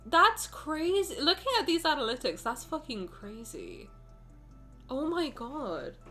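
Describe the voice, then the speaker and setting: Excitable young woman streamer, lively pitch. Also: a little slow. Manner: excitable, swears, exclamations, greets chat. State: emotional, near tears. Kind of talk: casual live-stream chat. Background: faint music.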